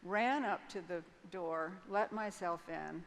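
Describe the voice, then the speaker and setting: A woman's voice: fairly low pitch, slow, creaky. Older woman recounting frankly on stage. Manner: frank, vivid retelling with hesitant restarts. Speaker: interview guest. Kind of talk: candid personal storytelling on stage. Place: large conference hall stage. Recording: long hall reverb, faint noise.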